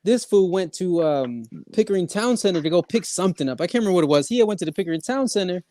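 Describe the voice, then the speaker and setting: Podcast co-host, slang, laid-back profane storyteller, warm dark voice. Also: medium pitch, animated, quick pace, no echo. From Canada. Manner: slangy, profane, laughing, repeats "bro". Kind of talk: casual chat, storytelling.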